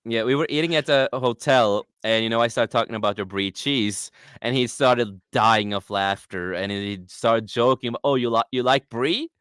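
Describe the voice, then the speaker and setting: A man co-hosting a casual pop culture podcast, chatting loosely, laughing often and stammering when excited. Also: on the low side, moderate pace, few pauses, smooth, no echo, studio quality. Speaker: podcast co-host. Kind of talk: casual chat.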